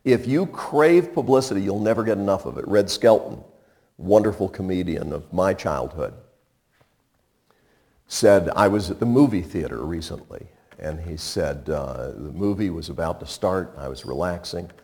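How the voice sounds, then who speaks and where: Animated older male pastor preaching. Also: low voice, moderate pace. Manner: emphatic, rhetorical questions, playful asides. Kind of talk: radio sermon.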